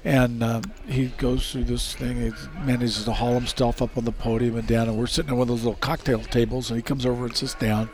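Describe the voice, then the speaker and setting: A man's voice: medium pitch, level tone, a little fast, few pauses, darkish tone. Man telling stories with easy laughs. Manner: anecdotal, laughs through stories, frequent fillers and restarts. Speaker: racing safety expert. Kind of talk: casual interview storytelling.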